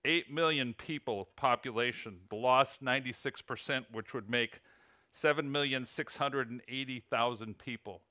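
A man with an Illinois accent delivers a church sermon as a visiting ministry coach. His voice is bright and forceful, and he earnestly works through lists and figures. The sound is dry and close, with hardly any room echo. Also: mid-range voice, moderate pace. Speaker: ministry coach, guest preacher. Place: church sanctuary.

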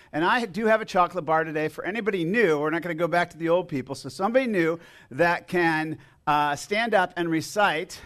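A man's voice: a little high, a bit bright. A man preaching as pastor to his congregation, chatty and joking, with frequent restarts. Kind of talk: casual sermon with congregation. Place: church sanctuary.

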